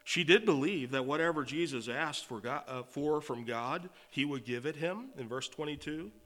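Man, preacher, sermon, bright tone, slightly high pitch, swells from soft to loud. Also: normal speed. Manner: swells from quiet asides to loud emphatic declarations; reads and quotes scripture in old-fashioned wording.

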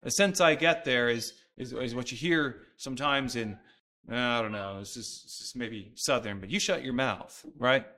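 A man's voice: medium pitch, normal speed, sharp tone. A man preaching a sermon, talking earnestly and conversationally and often restarting his sentences. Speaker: pastor.

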